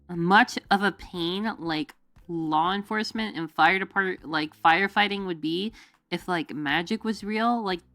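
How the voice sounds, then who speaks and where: A woman streams a casual chat, close and dry at the mic with no room sound, her medium-pitched voice a bit bright. She rambles between ideas, full of fillers and laughing as she goes, while faint music plays underneath.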